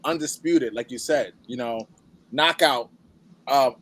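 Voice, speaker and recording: A man co-hosting a boxing podcast in casual chat, animated and slangy, getting loud as he argues. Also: mid-range voice, unhurried. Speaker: podcast co-host.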